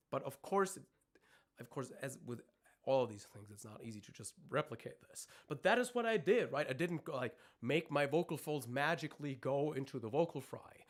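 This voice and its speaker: A man with a somewhat high speaking voice teaches vocal technique on a live stream. He explains in careful technical terms and now and then cuts in with belted or screamed demonstration notes. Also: a bit bright. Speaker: vocal coach.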